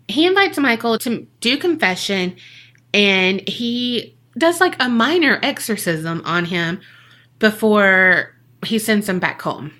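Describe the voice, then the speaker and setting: A woman's voice: medium pitch, slow. A woman co-hosting a podcast, casually telling a story with slang, swearing and acted-out quotes. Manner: animated, swearing, acts out quoted people in slang. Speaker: podcast co-host.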